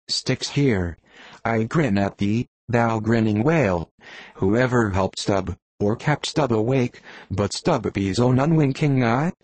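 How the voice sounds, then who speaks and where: A man's voice: medium pitch, no echo. A man voicing a wry, defiant second mate in an audiobook, declaiming in the face of doom. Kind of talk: audiobook reading.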